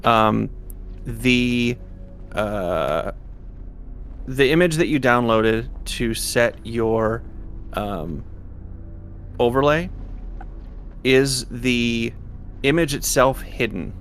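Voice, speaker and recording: Gravelly-voiced male stream host. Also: medium pitch, drawn-out words, pauses often, a bit bright. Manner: hesitant, troubleshooting aloud. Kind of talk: casual live-stream hosting.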